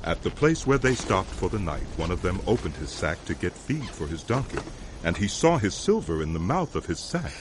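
A male narrator with a very deep voice that moves expressively through its pitch. He tells the story in a measured, scripted way, with faint ambient sound beneath him. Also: very animated, noisy background.

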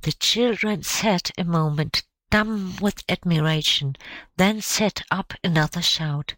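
A woman reading an audiobook in a measured, expressive way. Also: on the low side, no room sound, low-quality recording. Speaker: audiobook reader. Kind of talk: audiobook narration.

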